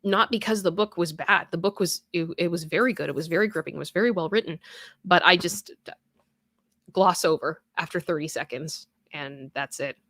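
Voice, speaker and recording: A woman's voice: lowish voice, a little fast, fairly bright tone, no echo, studio quality. A young adult woman hosting a casual live stream, reading viewer comments and chatting in a rambling way with many fillers and restarts.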